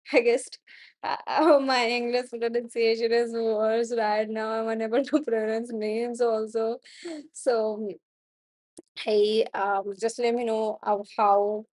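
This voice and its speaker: A young woman with an Indian accent reading the news aloud on a study stream, halting and stumbling over hard words and names. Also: fairly high pitch, darkish tone, no room sound, studio quality. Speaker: student streamer.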